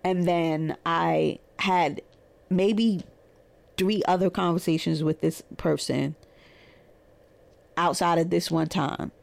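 Brooklyn woman, therapist, casual story monologue, lowish gravelly voice, jumps way up when she acts out what people said. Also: slow, long pauses. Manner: animated, acts out quoted dialogue with rising pitch. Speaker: therapist in private practice.

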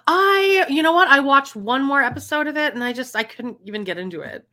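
A chatty woman co-hosting a casual podcast, her voice bright and forward. She rambles through her thoughts, restarts her sentences and laughs easily. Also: high-pitched, lively intonation, brisk. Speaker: podcast co-host. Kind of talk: casual chat.

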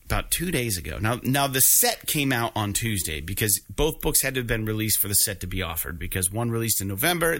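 A man with a bright, forward tone talks straight to his audience in a loose vlog style. He tells his story excitedly, swearing freely and often restarting his sentences. His pitch sits in an ordinary middle range for a man. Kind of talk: casual storytelling to camera.

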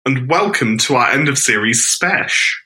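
A man co-hosting a podcast, chatting in an animated, teasing way. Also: medium pitch, unhurried. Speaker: podcast co-host. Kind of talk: casual chat.

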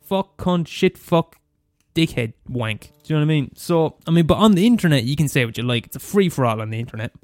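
A young Irish man ranting profanely on his podcast, talking fast and mumbling. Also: on the high side, expressive, darkish tone, dry recording, clean studio sound, faint music behind. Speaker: podcast host. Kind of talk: casual solo rant.

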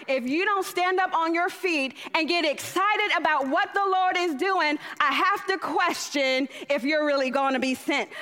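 A woman preaching with fervent, exhorting energy, her voice pitched high. She repeats phrases for emphasis, driving each point home. The sound carries a long reverb from a large church hall. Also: sharp tone. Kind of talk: sermon. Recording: echoey hall.

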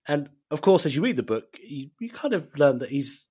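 A man from East London, a native Bengali speaker, telling animated, self-mocking stories as a guest in a casual interview. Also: a little high, normal speed, slightly rough. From East London, England. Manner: animated storytelling, laughs often, self-mocking.

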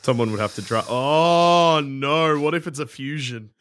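A man's voice: mid-range voice, a little fast, fairly bright tone. A man co-hosting a comedy podcast, cracking jokes and reading the show's sign-off. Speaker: podcast co-host. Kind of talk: casual comedic chat.

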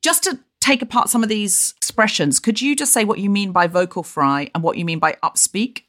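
A woman's voice: medium pitch, fairly quick, a bit bright. A woman hosting a podcast over a remote line, asking eager, curious questions. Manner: curious, enthusiastic interviewer. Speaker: podcast host. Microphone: remote recording over an online call.

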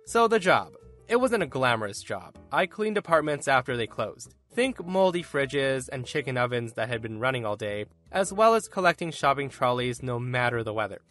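A man hosting a podcast, reading stories aloud in an animated storytelling way. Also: moderate pace, faint music behind. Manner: animated storytelling with lively pitch.

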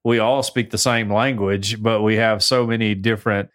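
A man's voice: lowish voice, fairly even intonation, moderate pace, a bit bright. A man from Alabama with a Southern US accent, co-hosting a podcast in easygoing, self-deprecating casual chat and laughing often. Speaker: podcast co-host.

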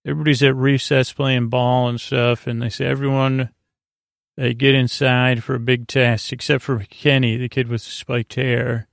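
A man sleepily recounting a story, halting with fillers and restarts and quoting the characters in his own voice. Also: mid-range voice, level tone, vocal fry, no room sound, studio quality. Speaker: podcast host retelling an episode. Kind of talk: sleepy rambling plot recap.

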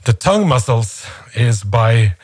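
A man's voice: mid-range voice, very animated, unhurried, husky, no echo, clean studio sound. A man co-hosting a playful comedic podcast, teasing his partner and hesitating with lots of fillers. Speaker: podcast co-host.

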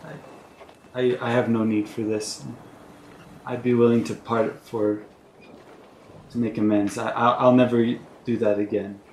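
A man's voice: medium pitch, little pitch movement, a little slow, long pauses, darkish tone, slight background noise, natural voice. A man voicing an awkward male adventurer who stammers and apologizes. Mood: apologetic. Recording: roomy echo.

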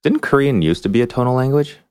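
A man co-hosting a podcast in casual chat, chatty and quick with asides, laughing often. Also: medium pitch, lively intonation, darkish tone, smooth, dry recording, studio quality. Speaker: podcast co-host.

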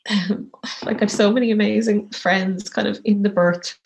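A woman, speaking as a guest in a halting, soft-spoken personal account, tearful at times, with many fillers. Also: medium pitch, fairly even intonation, gravelly.

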